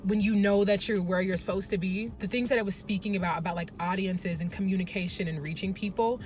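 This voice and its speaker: A woman's voice: mid-range voice, steady tone, fast talker, a little mellow, slight background noise. A young woman talking earnestly to the camera from her parked car, chatty and full of fillers, for a casual confessional vlog. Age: young adult. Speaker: vlogger.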